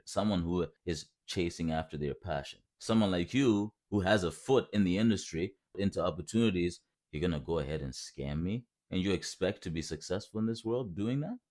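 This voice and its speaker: A man's voice: sits low, a little mellow. A man in his twenties telling his own story in a heated, profane, mocking rant.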